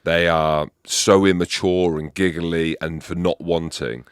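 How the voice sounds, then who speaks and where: A man's voice: low-pitched, little pitch movement, unhurried, smooth, no room sound, clean studio sound. A man hosting a podcast, chatting casually and swearing freely as he tells jokey stories. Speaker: podcast host. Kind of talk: casual chat.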